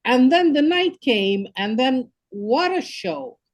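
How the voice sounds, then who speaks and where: A woman's voice: high voice, animated, takes it slowly, creaky. A woman with a Romanian accent gushing about an event in exclamations, searching for words. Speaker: conference attendee. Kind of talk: enthusiastic casual testimonial.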